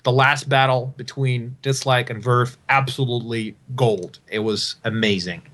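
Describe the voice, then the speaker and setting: A man commentating a live esports tournament, excitable, laughing easily and filling gaps with fillers. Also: mid-range voice, a little hiss or hum. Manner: rapid play-by-play calls.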